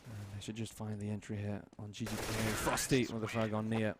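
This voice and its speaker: A man casting a competitive shooter game match with fast, joking play-by-play commentary. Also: fairly low pitch, flat delivery, noisy background. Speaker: esports caster.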